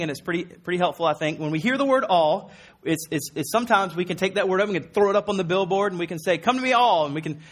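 A man's voice: high-pitched, a bit bright. A man preaching a sermon as a pastor, earnest and emphatic, conversational with repeated words and fillers. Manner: earnest and emphatic, quoting Jesus with rising force.

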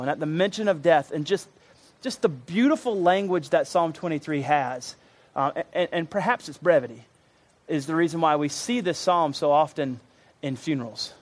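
A man's voice: a little high, animated, moderate pace. A man preaching a sermon to his congregation, earnest and emphatic, often repeating himself for weight. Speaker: pastor.

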